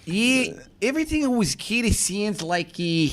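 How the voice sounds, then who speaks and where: A man's voice: high-pitched, sing-song, unhurried, a bit bright. A man co-hosting a chat show, joking around in a mock New Zealand accent and repeating goofy slang. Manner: playful, keeps repeating goofy slang catchphrases. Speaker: co-host.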